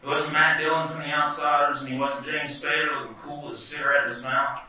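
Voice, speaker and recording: A man's voice: a little high, flat delivery, fast talker, pushed and bright. Wry man telling a story in an echoey room. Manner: wry, vivid comic storytelling. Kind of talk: first-person personal story. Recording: very echoey room, distant mic, music behind.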